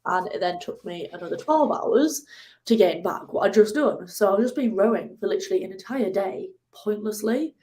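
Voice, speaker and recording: A young woman, a guest telling a lively personal story in a casual interview, now and then acting out her own angry shouts. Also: normal speed. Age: 20s. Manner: animated, acts out her own angry outbursts in a higher voice. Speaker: guest, ocean rower.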